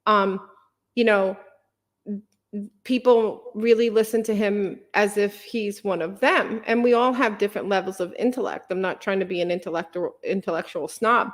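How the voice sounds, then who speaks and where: A woman's voice: mid-range voice, moderate pace. A woman guest on a podcast, speaking earnestly and passionately, with many fillers and restarts. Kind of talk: conversational interview.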